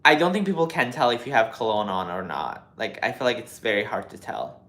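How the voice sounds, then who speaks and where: A man in his twenties on a casual live stream, reading viewer comments and answering them in an animated, lecturing way with lots of fillers. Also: mid-range voice, brisk. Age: 20s.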